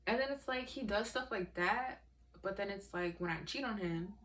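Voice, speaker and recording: A woman's voice: mid-range voice, moderate pace, fairly bright tone, slight background noise. A woman ranting in a vlog, profane, heated and exasperated as she tells her story. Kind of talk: emotional rant vlog.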